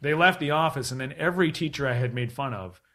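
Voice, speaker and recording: A man's voice: on the high side, fast talker. A man in his thirties from Canada, a podcast guest telling a long anecdote and acting out the people in it. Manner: animated storyteller who acts out quoted voices and laughs often.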